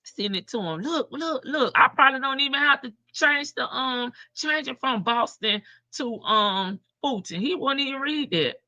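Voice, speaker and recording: A woman's voice: high voice, expressive, moderate pace, hardly any pauses, bright, forceful tone, no room sound. A woman hosting a casual livestream, chatting in slang and greeting viewers by name. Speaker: livestream host. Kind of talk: casual livestream chat reading viewer comments.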